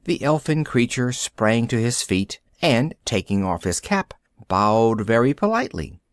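Man narrating a children's story, lively pitch. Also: unhurried, no room sound, studio quality. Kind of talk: storybook narration for English learners.

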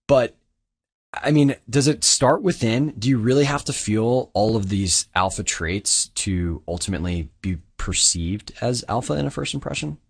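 A man's voice: medium pitch, normal speed, creaky, breathy edge. A man hosting a conversational interview, asking casual, enthusiastic questions. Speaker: interview host.

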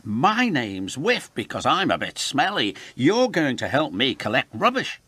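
A man's voice: mid-range voice, huge pitch swings, unhurried, sharp tone, husky, no echo, heavily acted. A man voicing a scruffy, cheerful male rubbish engine with a wheezy voice.

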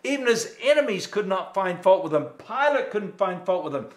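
High-voiced pastor preaching, echoey church. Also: male voice, sing-song, normal speed. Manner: emphatic, rhetorical questions. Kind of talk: sermon. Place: church sanctuary.

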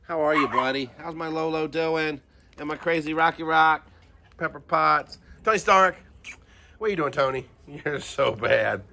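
Recorded outdoors on a phone, this man keeps a dog sanctuary and coos to his dogs in sing-song baby talk as he moves among them. He speaks at a moderate pace with a voice on the high side, and loud barking fills the background.

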